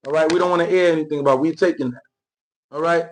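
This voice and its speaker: New man, high voice, slangy, combative commentary host who repeats himself for emphasis. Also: fast, low-quality recording. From New York. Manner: animated, repetitive, slangy and confrontational. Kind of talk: unscripted political commentary.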